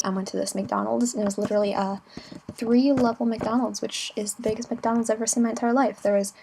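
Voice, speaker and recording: A young woman talks through her travel vlog in a chatty, giggly way, full of playful asides. Her voice sits a little high and carries some vocal fry. A faint hiss sits under the recording. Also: fairly even intonation, brisk, dark tone. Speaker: vlogger.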